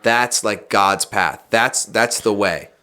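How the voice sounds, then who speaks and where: A man's voice: on the low side, takes it slowly. Emphatic young man preaching casually. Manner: loud, preachy and emphatic, swearing freely. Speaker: podcast guest. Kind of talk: casual chat.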